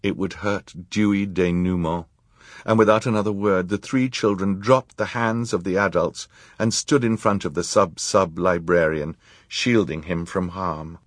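A man narrating an audiobook in an expressive, measured way. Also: sits low, no room sound, clean studio sound. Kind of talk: scripted narration.

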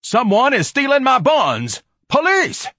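A man's voice: mid-range voice, big pitch swings, normal speed, fairly bright tone, breathy edge, no room sound, studio quality, voice pushed up. A man voicing a pompous, fussy grown man who speaks in lofty, formal phrases. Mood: shrieking. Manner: haughty, lofty, fussy diction, shrieks when upset.

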